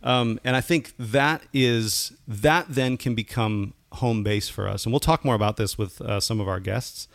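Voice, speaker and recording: A man's voice: medium pitch, normal speed, hardly any pauses, no room sound. A man co-hosting a podcast, a pastor chatting casually, rambling with many restarts.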